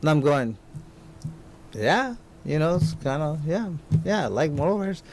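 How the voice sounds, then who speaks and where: A man's voice: on the high side, lively intonation, brisk, darkish tone, slight background noise. A man who was a world champion boxer, guest on a radio talk show, telling stories in a loose, rambling way. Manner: rambling storyteller, many restarts. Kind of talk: casual interview talk. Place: radio studio.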